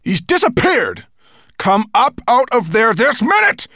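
A man's voice: very high-pitched, huge pitch swings, measured pace, pushed and bright, dry recording, studio quality, voice pushed up, exaggerated voice. A man reading an audiobook, voicing a huge, furious golden dragon who bellows threats. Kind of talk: audiobook character voice.

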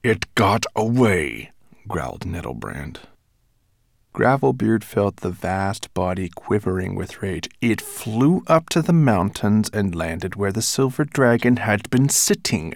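A man narrating a children's fantasy audiobook with an expressive reading. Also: lowish voice, measured pace, gravelly, hardly any pauses, no room sound, clean studio sound. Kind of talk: scripted storybook narration.

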